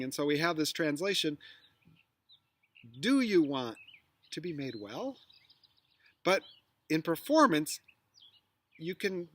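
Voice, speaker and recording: A man's voice: on the high side, a bit bright. A middle-aged man teaching biblical storytelling, trying out lines with different emphasis. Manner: tries out phrasings with varied emphasis. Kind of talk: storytelling lesson.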